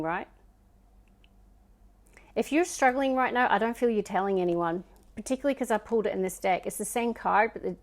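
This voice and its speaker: A woman with a Scottish accent talks through a tarot spread in a relaxed, chatty way. She muses aloud as she reads each card and often drops into soft murmurs between them. Her pitch sits in an ordinary middle range. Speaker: tarot reader. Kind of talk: casual tarot card reading.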